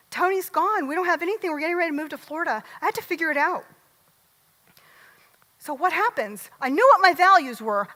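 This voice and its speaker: Middle-aged woman, motivational speaker, high voice, quizzes the crowd, long hall reverb. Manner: lively, joking, asks the audience questions. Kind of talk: motivational stage talk. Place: large event hall.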